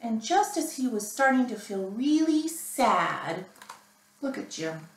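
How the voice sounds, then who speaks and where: A woman librarian reading a picture book aloud to children, animated and asking her listeners questions. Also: a little high, slow. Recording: roomy, mic at a distance.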